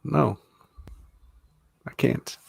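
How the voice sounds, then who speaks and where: A man's voice: very slow, a little mellow, no room sound. A man co-hosting a casual sports podcast, hesitant, often laughing and swearing freely. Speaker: podcast co-host.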